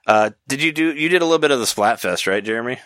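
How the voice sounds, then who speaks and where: A man's voice: medium pitch, lively intonation, fast, a bit bright, clean tone, no room sound, studio quality. A man hosting a podcast, chatting casually in a rambling way, with many restarts and easy laughs. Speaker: podcast host. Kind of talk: casual chat.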